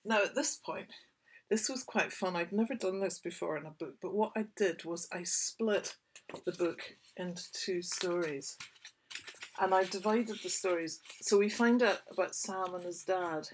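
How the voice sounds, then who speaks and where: A woman author reading a picture book aloud to small children, gently asking her young listeners questions. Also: on the low side, a little slow, slight background noise.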